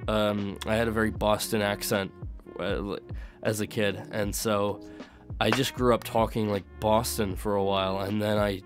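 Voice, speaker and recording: With music in the background, this young man from the UK chats casually with his live chat, rambling and laughing with some light swearing. His mixed accent sounds American, and his lowish voice stays level at a moderate pace.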